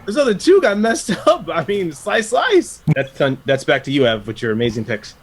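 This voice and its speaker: A man's voice: on the high side, huge pitch swings, normal speed, a little hiss or hum. A man co-hosting a casual comedy podcast, joking crudely and cutting in on the others. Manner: joking, crude, interrupts a lot. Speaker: podcast co-host.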